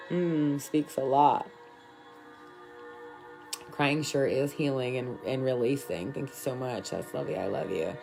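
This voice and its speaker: A woman's voice: very deep voice, measured pace, creaky, long pauses, warm tone. A woman talking casually on a tarot livestream, loose, affectionate and profane, rambling through spiritual encouragement. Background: faint music.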